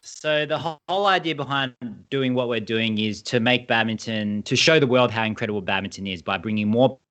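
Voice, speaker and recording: Speaking at a brisk clip, this Australian man has a medium-pitched, slightly bright voice. He co-founded a badminton brand and, during a relaxed video-call interview, gives long, enthusiastic explanations that tend to ramble.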